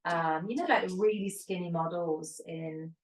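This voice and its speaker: A woman's voice: lowish voice, steady tone, normal speed. A woman in her fifties co-hosting a podcast, chatting candidly and telling long rambling stories. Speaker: podcast co-host. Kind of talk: casual chat. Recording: roomy echo, distant from the mic.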